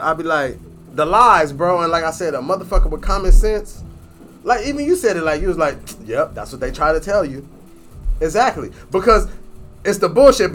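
A man in casual chat, talking in an animated, profane way and mimicking voices when he quotes people. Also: high voice, a little hiss or hum.

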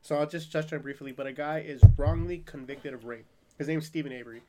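A man's voice: fairly high pitch, fast, noisy background. A man hosting a podcast in casual chat, rambling and profane, laughing often. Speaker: podcast host.

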